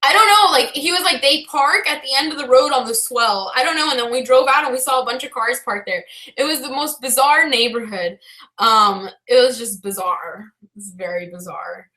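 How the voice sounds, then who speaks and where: A woman vlogger telling a story casually, her voice high and bright. She scatters "like" through every sentence and laughs easily. The sound bounces around an echoey room. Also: moderate pace.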